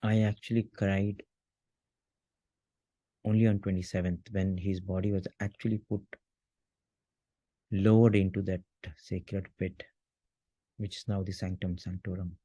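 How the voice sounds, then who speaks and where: A man, an interview guest, talking in an earnest, halting way with frequent restarts as he recounts a personal memory. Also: sits low, level tone, mellow, breathy edge, no echo, dull audio. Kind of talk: emotional personal reminiscence.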